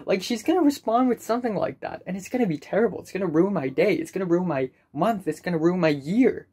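A man's voice: high voice, expressive, fast talker, mellow, slightly rough. A young man talking in an anxious, self-deprecating ramble with many repetitions in a personal video diary. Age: young adult. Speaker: vlogger.

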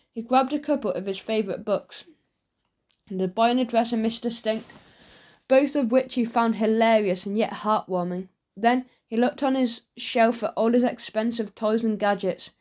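A woman narrating a children's audiobook with expressive storytelling. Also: on the high side. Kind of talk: scripted narration of a children's book.

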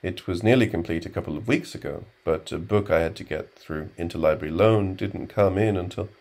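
A man voicing an indignant, pompous male graduate student who speaks in a stiffly formal way and takes offense quickly. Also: sits low, creaky, darkish tone. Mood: stiffly polite.

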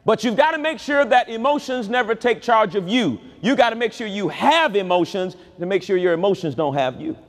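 A man preaching a sermon at a large convention, with an animated delivery that swings between loud high calls and low quiet asides. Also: fairly quick, hardly any pauses. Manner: animated preaching with wide swings in pitch and loudness. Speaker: pastor.

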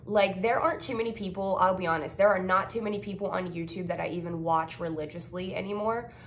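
A woman's voice: fairly low pitch, steady tone, fast talker, a little hiss or hum. A young woman vlogging in a casual, blunt, profane ranting way. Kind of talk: casual vlog chat.

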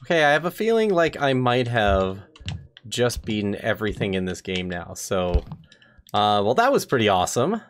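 A man hosting a let's play, reacting to the game aloud in an excitable, exclaiming, self-mocking way. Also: lowish voice, moderate pace, a little hiss or hum. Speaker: gaming channel host. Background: game music.

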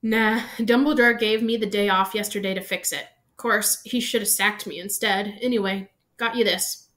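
A woman voicing a big-hearted giant male groundskeeper, loud and sobbing with drawn-out words. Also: medium pitch, fairly even intonation, close to an everyday voice. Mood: gruff.

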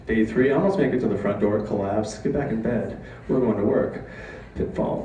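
A man telling a comic true story on a live stage, with a deadpan, mock-dramatic delivery. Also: lowish voice, moderate pace, crowd noise. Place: live stage before an audience. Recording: echoey room, distant mic, faint ambience.

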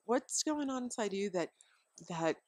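Standing outside her home near a deck and some chickens, a woman talks to the camera about parenting in a rambling, filler-heavy way, laughing often. Her medium-pitched voice is animated but a little slow. She's a homeschooling vlogger.

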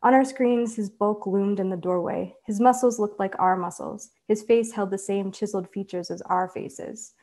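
Woman giving a measured literary reading. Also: mid-range voice, fairly even intonation, darkish tone. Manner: measured, deliberate delivery. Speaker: author reading her fiction.

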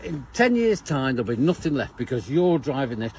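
A man with a raspy voice, ranting and accusing outdoors on a street. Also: medium pitch, very animated, brisk, a little mellow, slight background noise. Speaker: angry protester at a car.

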